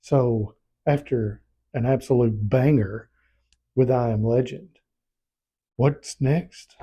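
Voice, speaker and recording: A man's voice: mid-range voice, slow pace, slightly rough. A man, a book vlogger chatting casually and animatedly retelling a story. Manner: animated storytelling, acts out scenes. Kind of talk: casual book review chat.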